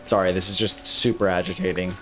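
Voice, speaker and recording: A male streamer talks to his chat while he plays, swearing freely and venting about getting stuck. His voice sits on the low side. Soft music plays under him. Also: flat delivery, fast. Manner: profane, frustrated, talks to chat. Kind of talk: casual live gameplay commentary.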